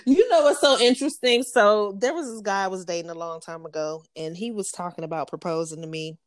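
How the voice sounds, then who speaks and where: A woman's voice: medium pitch, fairly quick. Chatty woman in her thirties telling stories. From Western Washington. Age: 30s. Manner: chatty storyteller, laughs often, acts out quotes. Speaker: podcast co-host. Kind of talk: candid casual chat.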